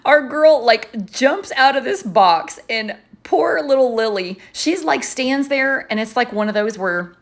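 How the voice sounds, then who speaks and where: Animated woman telling a story. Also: on the high side, unhurried, few pauses. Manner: animated, expressive, chatty. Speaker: journaling vlogger. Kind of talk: casual storytelling while journaling.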